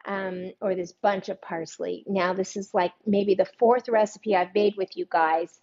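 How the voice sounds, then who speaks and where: A woman's voice: mid-range voice, steady tone, a little slow, darkish tone, muffled recording. An older woman hosting a live-streamed cooking demo, chatting casually, joking at her own expense and greeting viewers by name. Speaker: cooking show host.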